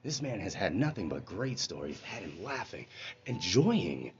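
A man's voice: sits low, sing-song, measured pace. A man telling a story in a casual monologue, keeping it conversational and checking in with listeners as he goes. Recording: dull lo-fi with faint noise.

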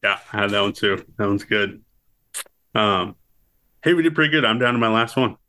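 Man, low pitch, bright forceful tone, podcast co-host, casual movie chat, keeps cracking up. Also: lively intonation, moderate pace. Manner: cracks up while recounting quotes.

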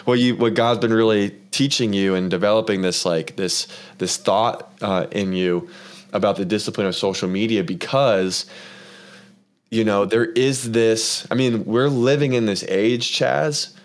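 A man's voice: lowish voice, a little slow. A man hosting a casual faith-focused conversation, telling a long personal story in an earnest, rambling way with lots of fillers. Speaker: podcast host.

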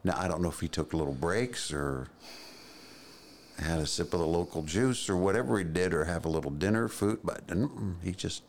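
A man's voice: low-pitched, animated, moderate pace, a little hiss or hum. A man co-hosting a podcast in casual chat, telling stories with dry, wry asides. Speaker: podcast co-host.

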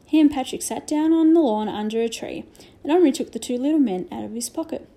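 A woman reading a children's novel aloud with gentle storytelling and hushed asides. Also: high voice, fast. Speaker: reader.

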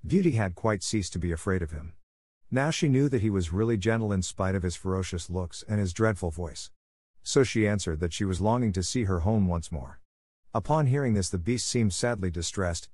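A man reading a classic fairy tale aloud as a steady, scripted audiobook narration. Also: on the low side, a little fast, no echo, studio quality.

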